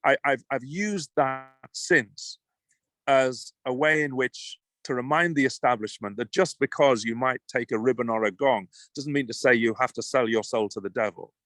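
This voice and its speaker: A man's voice: medium pitch, moderate pace, fairly bright tone. A British man speaking as a guest, emphatic and passionate, often restarting his sentences. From United Kingdom. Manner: emphatic, passionate, repeats words when starting. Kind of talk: conversational interview.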